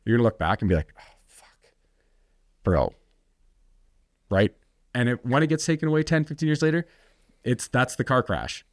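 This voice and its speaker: A man's voice: on the low side, no echo, clean studio sound. A middle-aged man, an entrepreneur guest, telling his story bluntly and intensely in a podcast interview, swearing freely and acting out what others said.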